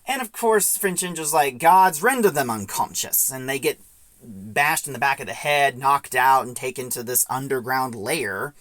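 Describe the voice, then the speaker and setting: A woman's voice: a bass voice, lively intonation, normal speed, a bit bright, no room sound. A young woman casually recapping and reviewing an audio drama, retelling scenes in a chatty way with many asides.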